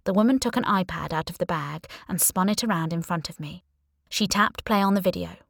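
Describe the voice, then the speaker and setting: A woman reading a first-person audiobook in an expressive, wry and playful way. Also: fairly low pitch, a little fast, creaky, no room sound, studio quality. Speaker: audiobook narrator.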